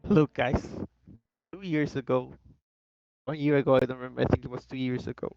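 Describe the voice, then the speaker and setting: A man chatting on a podcast as a guest, telling a story with lots of swearing and high-pitched bits for quoted people. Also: brisk, gravelly, noisy background. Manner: animated, profane, jumps into high voices for quoted people. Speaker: guest co-host. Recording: dull, dry lo-fi recording.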